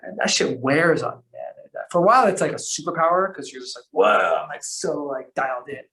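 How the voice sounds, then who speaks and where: A man's voice: fairly high pitch, fairly quick. Slangy, rambling man telling stories. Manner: rambling, animated, lots of fillers and restarts; slangy, calls the host bro. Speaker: podcast guest. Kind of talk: casual storytelling conversation.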